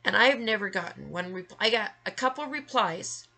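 A woman's voice: mid-range voice, animated, a little fast, vocal fry, sharp tone. A woman vlogger delivering an emotional, angry rant to the camera, emphatic and full of swearing. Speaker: vlogger sharing her story.

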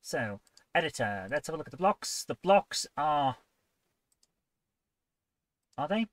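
A woman's voice: sits low, very animated, slow, no room sound. A woman hosting a live game coding stream, chatty and playful, often joking at her own expense. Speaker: host.

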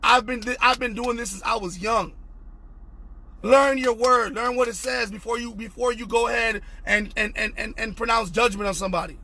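Young male preacher, high husky voice, fervent and repetitive online sermon with shouted peaks. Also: fairly even intonation, normal speed. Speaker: pastor.

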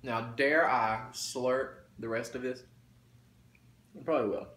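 A man's voice: medium pitch, measured pace, a bit bright. A man chatting casually to viewers while eating, folksy and talkative. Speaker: mukbang vlogger. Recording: roomy echo, faint background noise.

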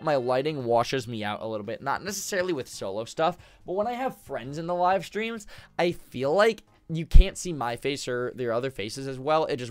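A young man streaming a game from a home room with acoustic foam, rambling excitably, swearing and laughing often. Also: medium pitch. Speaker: gaming streamer. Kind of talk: casual live-stream commentary while gaming.

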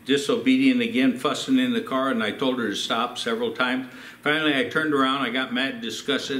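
A man's voice: medium pitch, a bit bright, reverberant. An older man, a pastor, telling personal stories in a sermon and acting out the quotes. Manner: storytelling with acted quotes. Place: church.

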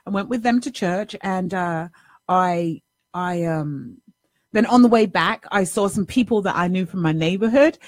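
A middle-aged woman life coach telling a personal story in a lively, repetitive way, often tossing in a rhetorical "right?". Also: fairly low pitch, normal speed, dry recording, studio quality. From New York City. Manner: animated, repeats herself, rhetorical "right?" asides.

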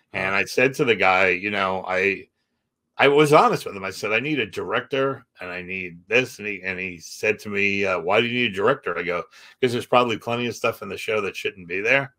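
A man with a low, bright voice spins lively showbiz anecdotes in a relaxed interview. He jumps into quoted voices and laughs along with his own stories. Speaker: comedian and magician guest. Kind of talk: casual storytelling interview.

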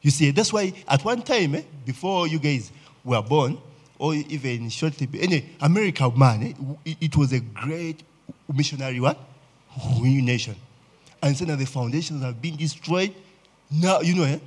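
A man preaches with a Ugandan accent, his voice a little husky and pitched on the high side. He talks to the congregation conversationally, tossing in "eh?" and "okay?" to keep them with him. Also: animated, normal speed, pauses often. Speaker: pastor. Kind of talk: sermon.

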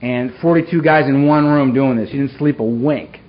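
At a moderate pace and medium pitch, a man recounts his road to recovery for a live audience in a meeting hall, dramatic, raw, and darkly funny. He leans on street-casual phrasing like "man" and "you know," and the recording is dull and lo-fi with faint hiss.

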